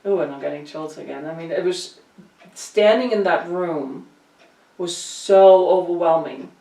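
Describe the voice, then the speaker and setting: A middle-aged woman from Germany hosting a casual chat, telling animated stories and laughing often. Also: lowish voice, measured pace, creaky. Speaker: podcast host. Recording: roomy echo, distant mic.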